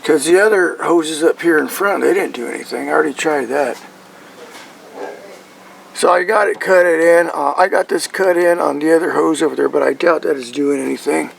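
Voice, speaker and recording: A man's voice: on the high side, normal speed, gravelly, low-quality recording. A man casually explaining his truck engine while working on it, rambling and often checking in with "right?".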